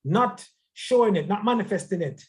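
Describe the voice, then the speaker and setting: A man's voice: sits high, lively intonation, normal speed. A man teaching a church life-skills class in a conversational way, emphatic and often repeating words.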